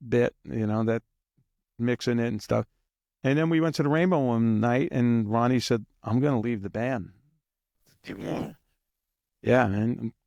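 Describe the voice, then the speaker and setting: A guest drummer with a gravelly, darkish, medium-pitched voice is recorded in studio quality without echo. In a casual interview he rambles through anecdotes, chuckling and sometimes mimicking drum beats.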